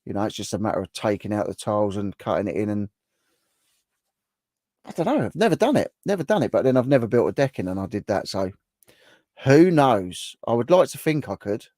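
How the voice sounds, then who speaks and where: A man's voice: on the low side, animated, fairly quick, darkish tone, dry recording, studio quality. A middle-aged man, hosting a casual livestream, chatting and answering viewer comments in a rambling way. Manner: chatty and rambling, with many restarts. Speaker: livestream host. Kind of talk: casual live chat reading viewer comments.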